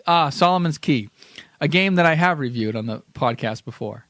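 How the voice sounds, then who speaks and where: A man's voice: fairly high pitch, unhurried, fairly bright tone, no echo. A man co-hosting a podcast in casual comedic chat, sarcastic and mocking himself. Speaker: podcast co-host.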